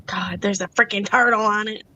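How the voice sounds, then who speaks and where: A woman's voice: mid-range voice, steady tone, moderate pace, bright, forceful tone, muffled recording. Playful woman chatting on a stream. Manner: playful, laughs a lot, reads chat comments aloud. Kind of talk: casual live-stream chat.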